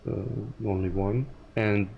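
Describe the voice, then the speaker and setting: A man's voice: fairly low pitch, steady tone, takes it slowly, creaky, muffled recording, a little hiss or hum. A man streaming a game, musing and rambling aloud to his chat in casual talk.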